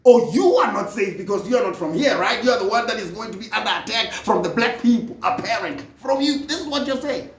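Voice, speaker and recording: A speaker from Africa, delivering an impassioned political monologue that often rises to a shout. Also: mid-range voice, lively intonation, fast, few pauses, roomy sound, far from the mic. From South Africa. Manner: fervent, often rising to a shout.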